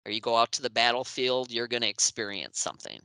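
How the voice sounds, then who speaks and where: A woman's voice: a bass voice, steady tone, fast talker, pushed and bright, clear, resonant tone, no room sound. A woman guest in an interview, telling a personal story earnestly, with frequent restarts.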